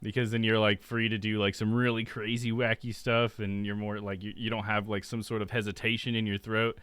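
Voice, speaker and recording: Bright-voiced laughing streamer host. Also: male voice, lowish voice, level tone, fairly quick, clean tone, no room sound. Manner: laughing, enthusiastic, rambling. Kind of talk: casual live-stream chat.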